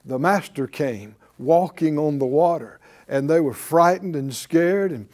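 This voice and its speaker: A man's voice: on the high side, unhurried, darkish tone. A man preaching a sermon as pastor, drawing responses from the congregation with rhetorical questions and repeated key phrases.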